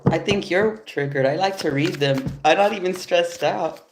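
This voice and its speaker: A woman's voice: lowish voice, normal speed, heavy background noise. A woman with a stuffy, nasal voice doing a casual tarot reading on a livestream, laid-back and loose, swearing in passing and chuckling often. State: nasal from allergies. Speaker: tarot reader. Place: home after yoga. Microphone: phone.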